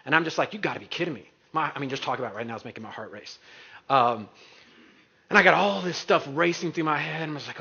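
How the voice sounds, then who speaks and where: Middle-aged guy telling a story to a crowd, bright fairly high voice, dull lo-fi sound. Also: husky. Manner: animated, acts out quoted voices. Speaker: real estate speaker. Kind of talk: storytelling talk to an audience. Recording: dull lo-fi recording.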